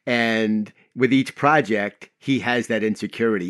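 A man's voice: fairly low pitch, brisk, hardly any pauses, a bit bright, dry recording, studio quality. A man hosting an interview, talking in a reflective, conversational way. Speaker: interview host. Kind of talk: casual interview talk.

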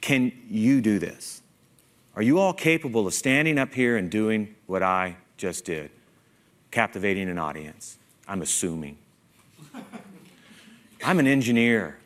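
A man giving a conference keynote talk, self-mocking and lively, putting many questions to the audience. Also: fairly low pitch, a little slow, pauses often. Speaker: keynote speaker.

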